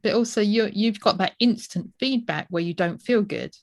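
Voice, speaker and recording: A woman's voice: medium pitch, normal speed, creaky, dry recording. A middle-aged woman answering interview questions in an easygoing, matter-of-fact way. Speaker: podcast co-host, guest. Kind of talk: casual interview chat.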